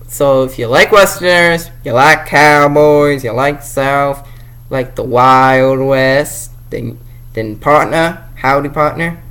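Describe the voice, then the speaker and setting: A male vlogger chatting casually about comics, excitable and jokey, rambling from one thought to the next. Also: mid-range voice, poor audio. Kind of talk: casual review chat.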